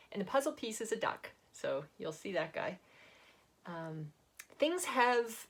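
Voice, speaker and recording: A chatty, giggly woman author introducing and reading from her own novel. She talks in a slightly low voice, a bit sniffly from allergies, with plenty of fillers. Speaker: author and host. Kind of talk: casual chat and book reading.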